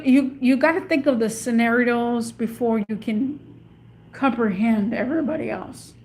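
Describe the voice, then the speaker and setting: A woman vlogging from her car in a casual, rambling monologue, often stopping to search for words. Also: fairly high pitch. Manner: chatty, meandering, searches for words. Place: in or beside a parked car.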